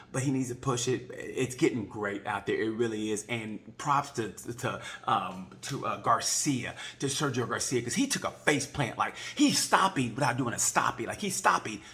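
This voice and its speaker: A man giving a casual, rambling race recap, joking and acting out quick voices along the way. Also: medium pitch, lively intonation, pushed and bright. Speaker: motorcycle racing video reviewer.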